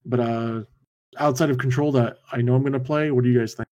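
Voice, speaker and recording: A man talking through a list of games in a laid-back manner, dropping dry, wry remarks. His voice is dark and mellow. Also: medium pitch, fairly even intonation, a little fast, highs cut off. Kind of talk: casual game-discussion chat.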